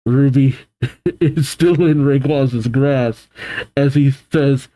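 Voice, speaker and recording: A man reading a comic aloud and reacting to it, animated, laughing often and voicing the characters. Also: medium pitch, takes it slowly.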